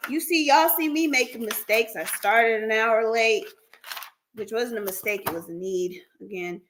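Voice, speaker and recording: A woman's voice: on the high side, normal speed, a bit bright, a little hiss or hum. A woman hosting a counseling practice's livestream, chatting casually with viewers, laughing often and calling them by name.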